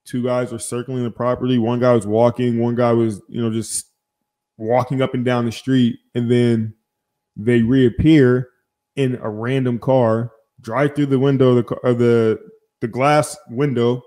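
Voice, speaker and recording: Speaking a little slowly at medium pitch, a young man on his podcast tells a story in relaxed chat. He swears, keeps it animated, and voices both sides of phone calls.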